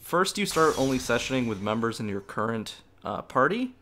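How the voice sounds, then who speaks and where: Very deep-voiced woman streamer. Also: big pitch swings, normal speed, fairly bright tone, slight background noise. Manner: joking, reads game text aloud. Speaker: let's play streamer. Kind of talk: casual gameplay commentary. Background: game music.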